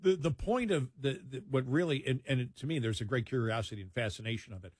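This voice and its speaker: An older man from New York, talking on a late-night radio show. He is animated and jumps up in pitch when he acts out the voices of other people. His studio mic sounds dry and close. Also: quick pace, husky, dry recording. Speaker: radio talk show host. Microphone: studio microphone.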